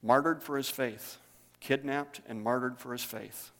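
A man preaches to his congregation, telling stories in a plain, conversational way. His voice sits at an ordinary middle pitch. It rings out with the long reverb of a church hall. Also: fairly even intonation, measured pace, fairly bright tone. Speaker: pastor. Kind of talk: sermon.

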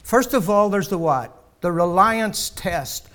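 A man preaches to a congregation, escalating to loud, emphatic peaks and then sinking low while repeating rhetorical questions, and he gets breathless as he goes. His intonation is lively, his pace slow, and he pauses little.

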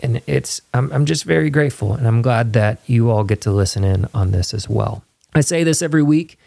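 A man's voice: medium pitch, brisk, gravelly, mellow, dry recording. Man, podcast host, chatty and earnest, dry close studio sound. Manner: rambling, earnest, chatty with laughs. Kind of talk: casual solo intro then interview. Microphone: studio microphone with headphones.

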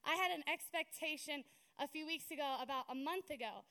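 High, bright woman preaching a sermon. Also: fairly quick. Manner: conversational, storytelling, frequent "right?" tags.

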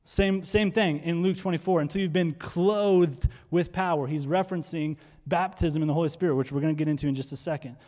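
A male pastor preaches with a fired-up, energetic delivery and a fairly high voice. He hurries through asides and slows down for emphasis. A long reverb trails behind him, as if he is speaking in a big church hall. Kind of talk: sermon.

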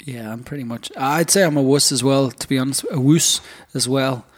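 A man's voice: mid-range voice, moderate pace. A man co-hosting a podcast, chatty and joking in casual conversation. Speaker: podcast co-host. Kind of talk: casual chat.

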